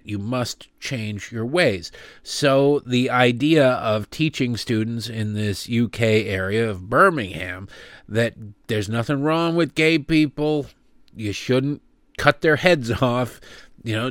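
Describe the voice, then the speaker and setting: Brief: middle-aged male commentary host, indignant and sarcastic, mid pitch, dry close sound. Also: a bit bright, dry recording. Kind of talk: opinionated political commentary.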